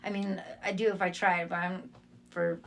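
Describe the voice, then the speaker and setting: In a lowish voice at normal speed, a woman gives her life testimony as a guest. The stories are casual and animated, laced with streetwise slang, and she performs the voices of the people she's quoting.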